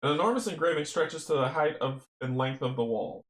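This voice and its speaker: A man's voice: fairly high pitch, brisk. Chatty man reading a board game aloud. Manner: chatty, chuckling, talks to himself. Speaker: solo board game player. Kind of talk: playthrough narration, reading game text aloud. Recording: roomy echo.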